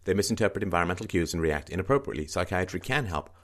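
A man with a very low voice talks through a news article, reading passages and stopping to comment. He is emphatic and keeps repeating his key points. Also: expressive, rapid-fire, a bit bright. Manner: emphatic, repetitive, swings into mocking higher-pitched quoting.

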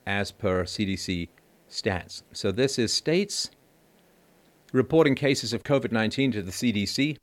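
A middle-aged man hosting a show, reading news stories aloud and cutting in with mocking, jokey asides and laughter. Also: mid-range voice. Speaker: podcast host. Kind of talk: sarcastic news commentary.

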